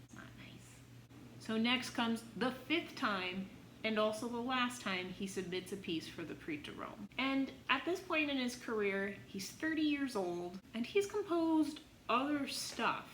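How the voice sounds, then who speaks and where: A woman's voice: on the high side, animated, measured pace, fairly bright tone, echoey room, slight background noise, low-quality recording. A woman music teacher telling a composer's story in a chatty, playful way, with dramatic exclaimed punchlines. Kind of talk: casual educational storytelling.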